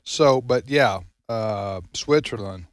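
A man's voice: on the low side, slow pace, dry recording. A man hosting a live talk radio show, chatting casually and asking his co-hosts questions. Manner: chatty, upbeat, asks questions. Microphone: studio microphone.

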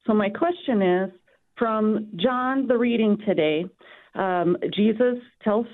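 A woman's voice: mid-range voice, slow. A woman from the northern US calling in to a radio show, hesitant and giggly. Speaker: caller. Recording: tinny phone line.

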